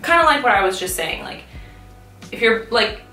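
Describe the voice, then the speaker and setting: A woman's voice: on the high side, animated, moderate pace, sharp tone, soft background music. A young woman chatting casually in a vlog while eating, talking with her mouth full and swearing freely. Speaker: YouTube vlogger. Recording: roomy echo, mic at a distance.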